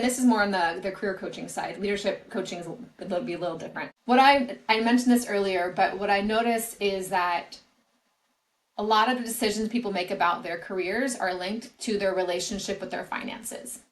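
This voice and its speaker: A woman's voice: mid-range voice, poor audio. A woman career coach, a podcast guest, explaining her advice earnestly and often restarting phrases. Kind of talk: podcast interview answers.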